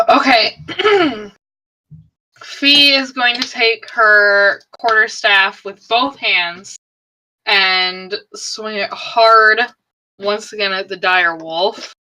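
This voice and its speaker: A woman's voice: medium pitch, drawn-out words, bright, forceful tone, slight background noise. A woman playing a tabletop game, stating her character's attacks in a plain, matter-of-fact way. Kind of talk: declaring moves in a tabletop game.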